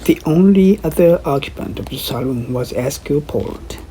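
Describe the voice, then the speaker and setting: A woman's voice: low voice, lively intonation, warm tone, a little hiss or hum. A woman, a native Japanese speaker, reading a novel aloud in English as practice, carefully, correcting her slips. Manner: careful, halting with self-corrections. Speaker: reader.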